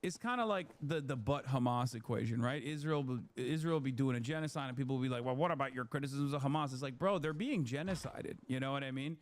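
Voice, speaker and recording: A man's voice: mid-range voice, brisk, few pauses. A man hosting a live stream, giving sarcastic, rambling political commentary full of "like" and asides.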